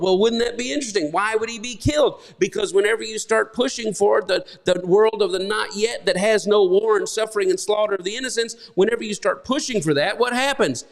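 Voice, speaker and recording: A man's voice: high voice, fast, vocal fry, few pauses, long reverb tail. A male pastor preaching a sermon, emphatic and conversational, firing off rhetorical questions to his listeners.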